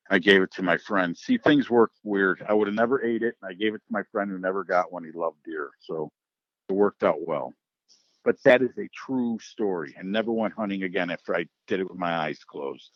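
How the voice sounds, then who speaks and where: A middle-aged man from Wisconsin telling a hunting story in casual chat, animated and swearing, acting out what people said. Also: sits low, moderate pace, no room sound. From Wisconsin, United States. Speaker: podcast host. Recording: slightly muffled, dry.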